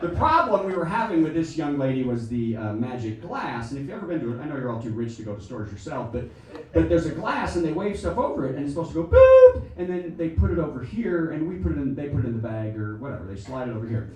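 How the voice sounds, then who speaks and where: A middle-aged American comedian works a small theatre stage, his rather high voice leaping up and down as he acts things out. He sounds a little distant from the mic in a very echoey room, and audience laughter comes through behind him. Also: fast talker. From United States. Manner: animated, exaggerated, acts out shrill voices. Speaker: stand-up comedian. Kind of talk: stand-up comedy set.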